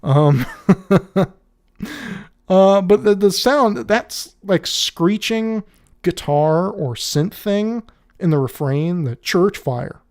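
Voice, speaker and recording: A man's voice: high-pitched, very slow, pauses often, darkish tone, clear, resonant tone. Giggly man reviewing an album. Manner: rambling, laughs often, self-interrupting. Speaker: music reviewer.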